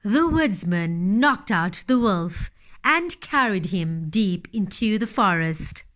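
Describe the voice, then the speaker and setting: A woman reading a fairytale aloud in a gentle, expressive storytelling manner. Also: medium pitch, takes it slowly.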